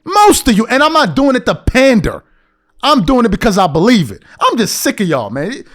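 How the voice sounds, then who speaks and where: A man's voice: very high-pitched, huge pitch swings, normal speed, fairly bright tone. A man hosting a podcast, venting in a heated, repetitive, emphatic rant straight to the audience. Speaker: podcast host.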